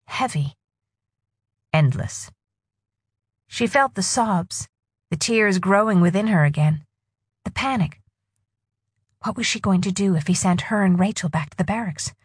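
A woman narrating a novel in a husky voice with expressive storytelling. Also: lowish voice, unhurried, pauses often, no room sound, studio quality. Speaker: audiobook narrator. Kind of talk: scripted narration.

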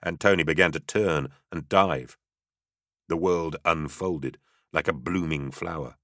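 Male audiobook narrator, very deep voice, forceful, dry close sound, steady dramatic reading. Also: measured pace, dry recording.

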